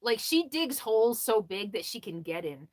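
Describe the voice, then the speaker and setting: A woman hosting a casual livestream about RV life, chatting and answering viewer comments, laughing often and quick to apologize. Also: fairly high pitch, sing-song. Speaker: RV lifestyle livestream host.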